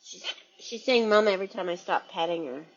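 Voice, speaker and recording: A woman's voice: medium pitch, fairly quick, muffled recording. A woman hosting a parrot channel, chatting casually at home with her birds and reading viewer comments.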